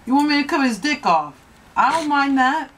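A woman playing a fiery high-voiced sex worker. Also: lively intonation, normal speed, a little hiss or hum. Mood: furious. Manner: brash, profane, threatening. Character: fiery, loud-mouthed female sex worker demanding pay. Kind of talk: improvised comedy sketch.

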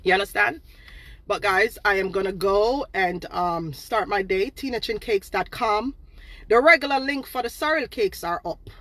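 A woman with a Jamaican accent, ranting loudly and scolding people on a live stream from her phone. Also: medium pitch, normal speed. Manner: loud, scolding, insulting.

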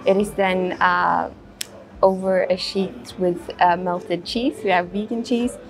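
A woman narrating a casual travel vlog while walking around a city, relaxed, with plenty of ums and uhs. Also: on the low side, slow pace. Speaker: travel vlogger. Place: outdoors in a city.

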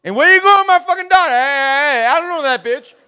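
A hot-headed, stammering dad who blows up over nothing, his voice jumping way up high and loud. A man acts him out with a lot of force. He sputters and repeats himself when he gets mad. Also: expressive, takes it slowly, a faint crowd, exaggerated voice. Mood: angry flustered. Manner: stuttering, shouting, flustered. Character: hot-tempered stuttering middle-aged dad, yelling.

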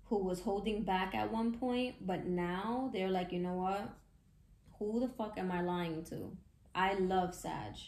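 A woman giving a casual tarot reading, chatty and excitable, with slangy talk and frequent laughs. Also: mid-range voice, reverberant. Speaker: tarot reader.

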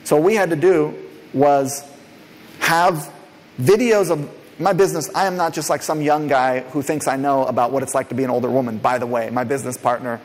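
Energetic man giving a keynote in a hall. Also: mid-range voice, a little fast. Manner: energetic, quizzes the audience directly. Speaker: keynote speaker. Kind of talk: conference keynote talk. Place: large conference hall, on stage. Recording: long reverb of a large hall.

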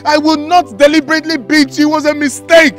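A pleading husband, Nigerian accent, raised pitch, soft music behind. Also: male voice, steady tone, quick pace. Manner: pleading and shouting, repetitive begging. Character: desperate, pleading young husband begging his wife.

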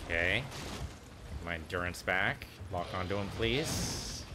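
A man's voice: low voice, expressive, slow, noisy background. A man casually commenting on his own gameplay, thinking aloud and muttering to himself as he plays. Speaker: let's play gamer.

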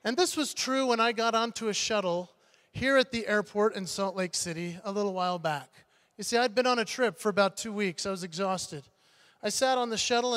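High-voiced man giving a keynote. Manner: animated, acts out voices, builds to punchlines. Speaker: motivational speaker. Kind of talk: keynote storytelling speech. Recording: long hall reverb.

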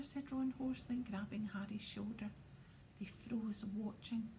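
A woman reading a children's fantasy novel aloud, often sinking into a hushed whisper as she narrates. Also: medium pitch, steady tone, unhurried, creaky, a little hiss or hum, rough recording. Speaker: audiobook reader. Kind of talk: storybook narration.

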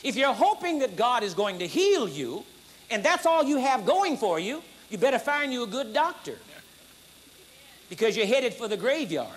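A man preaching an emphatic, repetitive sermon at a conference, building to high exclamations. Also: very animated, moderate pace. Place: conference hall.

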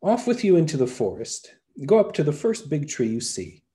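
A man's voice: on the high side, sing-song, normal speed, mellow, pitched above the performer's own voice. A man voicing a wise old man. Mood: advising.

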